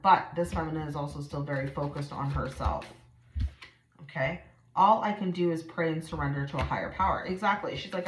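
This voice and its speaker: A woman doing a casual, chatty tarot reading to camera, blunt and swearing freely. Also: sits low. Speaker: tarot reader. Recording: echoey room with faint noise.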